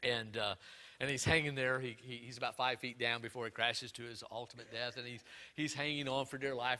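A man preaching a sermon as pastor, moving from loud emphatic peaks to quiet asides, telling folksy stories with repeated words. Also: mid-range voice, steady tone, fairly quick.

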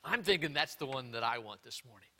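A man preaching a sermon as pastor, moving from loud emphatic peaks to quiet asides, telling folksy stories with repeated words. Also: mid-range voice, expressive, fast.

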